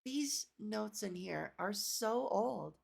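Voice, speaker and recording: A woman's voice: medium pitch, lively intonation, slow pace. A woman comedian hosting her own podcast, with a cracky voice, rambling and swearing in casual, self-deprecating chat. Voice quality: cracky, gravelly voice.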